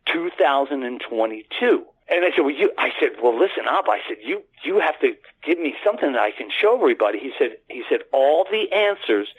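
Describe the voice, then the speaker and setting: A man's voice: fairly high pitch, sing-song, fast, few pauses, breathy edge, phone-quality sound. A man guest on a radio show, telling a long story in a rambling way with many restarts. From United States. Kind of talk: casual storytelling.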